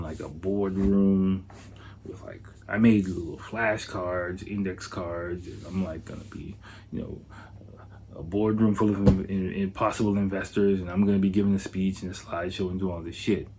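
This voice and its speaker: A man hosting a podcast, telling a travel story in a loose, animated way, full of swearing and fillers. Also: deep voice, slight background noise. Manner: animated, profane, filler-heavy retelling. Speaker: podcast host. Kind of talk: casual anecdote storytelling.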